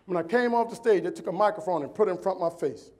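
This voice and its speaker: On a convention stage, a New Orleans man in his forties delivers a rhythmic, preacherly keynote meant to motivate, stacking up lists and dropping from booming to hushed. His voice is high and he speaks very fast.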